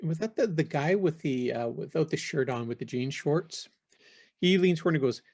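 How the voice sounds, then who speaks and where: A man narrating a tabletop game as game master, halting with many fillers. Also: a little high, animated, vocal fry, darkish tone, dry recording, studio quality.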